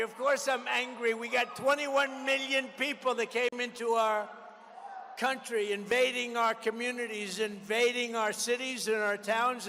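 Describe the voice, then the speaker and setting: A man's voice: extremely high pitch, vocal fry, bright, forceful tone. Combative older man at a rally. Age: 70s. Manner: combative, repetitive, mocking. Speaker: political candidate. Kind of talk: campaign rally speech. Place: large rally venue. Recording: long arena reverb, faint background noise.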